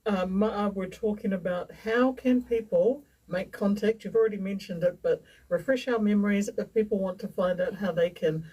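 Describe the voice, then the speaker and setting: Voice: medium pitch, moderate pace, hardly any pauses, mellow, slightly rough, recorded from a distance, poor audio. A radio show host who asks questions in a casual interview and adds short encouraging interjections. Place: radio studio.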